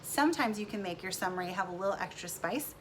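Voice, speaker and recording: A woman's voice: mid-range voice, expressive, quick pace, fairly bright tone, slight background noise. A woman teaching first graders, narrating cheerfully as she draws. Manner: cheerful, narrating while drawing. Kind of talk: recorded lesson with drawing.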